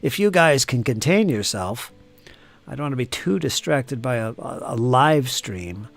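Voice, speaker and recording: A man's voice: mid-range voice, animated, measured pace, creaky. A man hosting a live painting stream, chatting casually and teasing viewers as he reads their comments aloud. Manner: joking, teasing chatter with frequent laughs.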